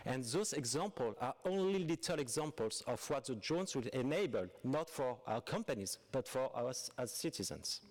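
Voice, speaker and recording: A man's voice: mid-range voice, expressive, normal speed, few pauses. A man with a French accent, reading a prepared speech as a conference presenter, earnest and forthright with some hesitant fillers.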